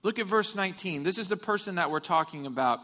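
Talking fast with lively intonation, a pastor with a high, sharp-toned voice preaches in a church hall. He tells funny stories and puts questions to the congregation, with the long reverb of the hall around him.

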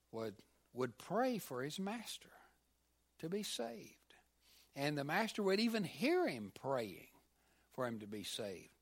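Brief: unhurried male preacher retelling a story in a sermon, halting, mid-pitched. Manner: halting, with many fillers and restarts, voices the figures.

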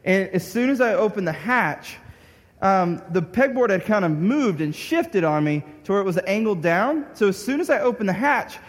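A young man telling a story as a sermon, acting out his own frustration with bursts of shouting. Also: high voice, normal speed. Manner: animated, acts out his own anger with shouts. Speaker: pastor. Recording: long hall reverb.

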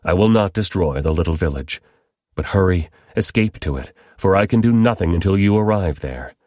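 A man reads the lines of a stern heavenly messenger giving firm, urgent orders. The voice is deep and low, dry and near the mic. Every command comes plain and direct. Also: lively intonation, normal speed, a little mellow, dry recording. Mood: stern urgency.

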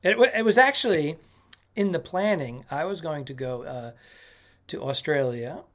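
A man's voice: on the high side, lively intonation, normal speed, fairly bright tone. A male stand-up comedian co-hosting a podcast, chatting casually and laughing often.

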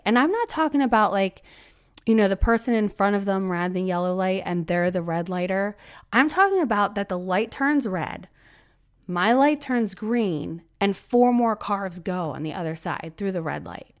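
A woman's voice: medium pitch, lively intonation, moderate pace. A woman hosting her own podcast, fighting a cough and losing her voice. She talks in a chatty, rambling way and gets worked up into exclamations. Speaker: podcast host and photographer. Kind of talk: casual solo podcast talk.

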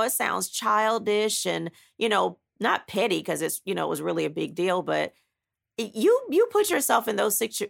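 Gravelly-voiced woman telling a dramatic story. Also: mid-range voice, fairly bright tone. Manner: dramatic, blunt, emphatic retelling with frequent asides. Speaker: author recounting her own story. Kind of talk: animated personal storytelling.

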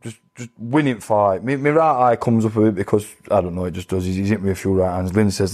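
A man's voice: lowish voice, steady tone, fast, hardly any pauses, a little mellow. A former boxer, telling his stories bluntly in a casual interview. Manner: blunt, plain-spoken, acts out quoted voices. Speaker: retired boxer guest.

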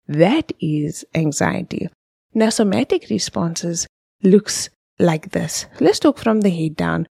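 A woman's voice: lowish voice, animated, measured pace, creaky, dark tone, breathy edge, no room sound, studio quality. A woman, hosting a podcast and explaining things step by step with vivid examples, sometimes dropping to a whisper. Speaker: podcast host.

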